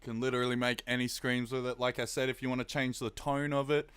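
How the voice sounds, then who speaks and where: A young Australian man, a bit tired, casually explaining synth sounds on a live stream, chatty and quick to laugh. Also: medium pitch, clear, resonant tone, no room sound. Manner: relaxed, chatty, reads chat aloud, laughs often. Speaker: music producer streaming.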